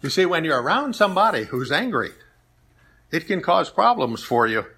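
A man's voice: fairly high pitch, sing-song, normal speed, fairly bright tone, husky. A man preaching a sermon, retelling stories and scripture in a plain, conversational way. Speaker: pastor.

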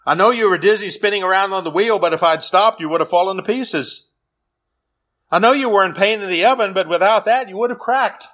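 A man voicing a calm, patient master potter who gently explains his reasons. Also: fairly quick. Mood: gentle. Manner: gentle, explaining, lower and softer.

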